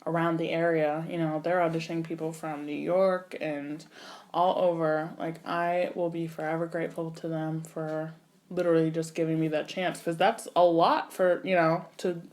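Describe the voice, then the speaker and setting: A young woman, an actor and singer, telling an animated story in a casual interview, full of "like" and "you know". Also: low-pitched, moderate pace.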